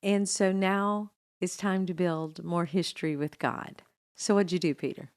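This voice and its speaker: A woman with a lowish, smooth voice hosts an interview. She sums up what her guests said and prompts them with brief questions. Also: fairly even intonation, a little slow. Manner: brief affirming interjections, summarizing. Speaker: host. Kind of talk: interview conversation.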